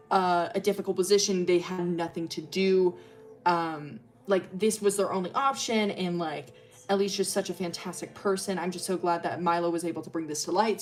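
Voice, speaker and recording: A young woman streamer casually telling a story, rambling with lots of fillers, swearing and laughing often. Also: lowish voice. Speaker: streamer telling character lore.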